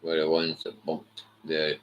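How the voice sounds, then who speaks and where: A man's voice: rumbling low, monotone, a little slow, muffled recording, a little hiss or hum. A man delivering a blunt, profane, scornful monologue to camera. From Britain. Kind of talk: ranting monologue.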